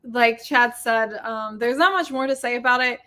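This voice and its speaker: A woman's voice: on the high side, normal speed, sharp tone. A woman co-hosting a casual podcast chat, talking in a chatty way with many filler words. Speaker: podcast co-host.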